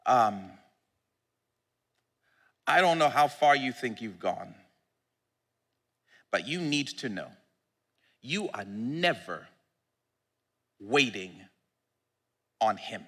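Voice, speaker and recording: A male pastor preaching a sermon in an animated, fervent way, often laughing at his own points. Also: mid-range voice, takes it slowly, pauses often, big-room sound. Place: church.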